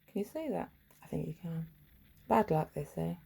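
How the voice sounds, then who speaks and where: Middle-aged woman ranting to camera, gravelly husky voice, lots of swearing, wanders off track. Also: lowish voice, moderate pace, warm tone. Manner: profane, sardonic, wandering storytelling. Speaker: vlogger. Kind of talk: rambling monologue to camera.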